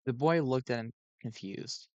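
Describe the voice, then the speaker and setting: A man's voice: medium pitch, normal speed, darkish tone, no echo, dull audio. A sleep-deprived man reading a fan story aloud on a cheap home mic, often stumbling and correcting himself. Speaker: fan reader. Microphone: cheap home microphone.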